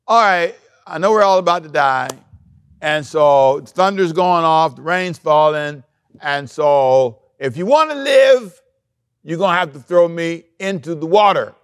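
Jonah, a preacher acting out a stubborn prophet. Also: male voice, mid-range voice, steady tone, fast, vocal fry, hardly any pauses, no room sound, pitched below the performer's own voice, natural voice. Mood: urgent, insistent. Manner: dramatic preacher's retelling, pleading and insistent. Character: the prophet Jonah, grown man, stubborn and self-centered.

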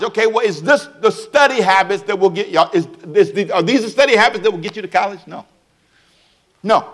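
A man preaching a sermon as pastor, repeating rhetorical questions and swinging between hushed and loud delivery while calling on the congregation to respond. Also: sits high, lively intonation, brisk.

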